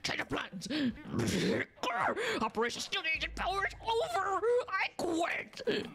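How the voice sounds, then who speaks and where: Brief: a woman playing a boastful, bumbling male villain chief, high and gravelly, swinging wildly in pitch. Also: big pitch swings, sharp tone, heavily acted. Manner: theatrical, blustering, quick to quit. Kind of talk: reading game dialogue aloud while streaming.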